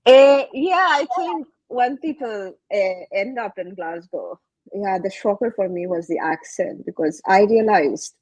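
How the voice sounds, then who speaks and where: A woman from India answering as a panelist, telling stories in an animated way with many fillers. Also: medium pitch, measured pace, dry recording, muffled recording.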